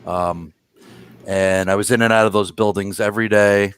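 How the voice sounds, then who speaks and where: A middle-aged man co-hosting a casual live chat, recalling events calmly and steadily, heard over a video call. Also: fairly low pitch, moderate pace, clear, resonant tone. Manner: calm, steady recollection with frequent brief assents. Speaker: co-host on a watch show.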